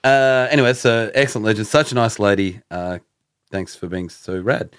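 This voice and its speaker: A man's voice: lowish voice, steady tone, moderate pace, clean tone, no echo, clean studio sound. A man co-hosting a casual sports chat, enthusiastic and rambling. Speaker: podcast co-host.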